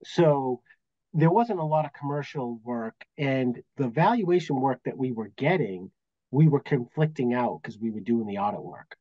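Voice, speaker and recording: A man's voice: medium pitch, expressive, moderate pace, mellow, no echo, muffled recording. A man in his fifties with a Boston accent, a guest telling work stories in a casual interview and acting out the dialogue. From Massachusetts, US. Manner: anecdotal, acts out quoted dialogue. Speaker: guest, business valuation accountant.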